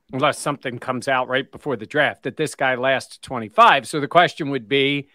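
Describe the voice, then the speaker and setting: Male sports host, sharp bright voice, dry close sound, steers the talk. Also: mid-range voice, no room sound. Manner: leads the talk, poses questions to co-hosts.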